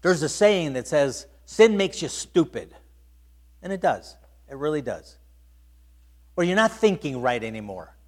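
A male preacher giving a sermon, emphatic, repeating words and swinging from loud bursts to hushed tones. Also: a little high, very animated, moderate pace, long pauses.

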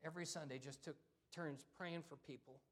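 This middle-aged pastor delivers his sermon in a chatty style full of repetitions and "amen" call-outs to the congregation. He speaks a little fast with fairly even intonation in a fairly high voice, with background noise present.

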